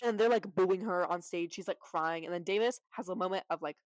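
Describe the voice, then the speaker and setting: A woman's voice: lowish voice, fairly even intonation, quick pace, few pauses, dry recording, rough recording. A woman recapping a movie in a casual, chatty way, sarcastic and full of fillers. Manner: chatty, sarcastic, heavy use of "like".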